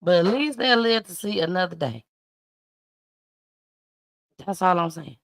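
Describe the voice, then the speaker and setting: Woman, show host, casual commentary, emphatic, repetitive, gravelly fry. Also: lowish voice, animated, unhurried. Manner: emphatic, preachy, repeats her points. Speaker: host commenting on news clips.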